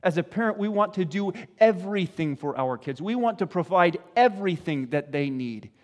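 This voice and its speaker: With a high voice, lively intonation and a moderate pace, a pastor preaches in a chatty style, and his words ring with a long reverb tail. He repeatedly checks in with "right?" and briefly acts out how parents and kids sound.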